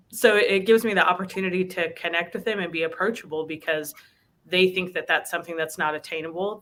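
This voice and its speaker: A woman speaks earnestly as a guest in an interview, sprinkling her talk with "um" and "you know". Her voice sits a little low yet sounds bright and forceful. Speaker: bank recruiter. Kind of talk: conversational interview.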